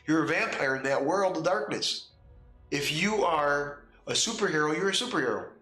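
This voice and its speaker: A man's voice: a little high, lively intonation, moderate pace, sharp tone, reverberant, faint music behind. Emphatic man with rhetorical questions. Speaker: podcast host and game master. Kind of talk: casual opinion talk.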